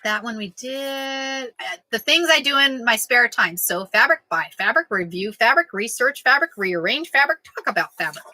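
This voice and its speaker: A woman's voice: a little high, expressive, moderate pace, hardly any pauses, sharp tone, a little hiss or hum, rough recording. A woman chatting casually as a quilting vlogger, joking and answering viewers. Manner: chatty, jokey, reads out sayings and answers viewers. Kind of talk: casual live chat.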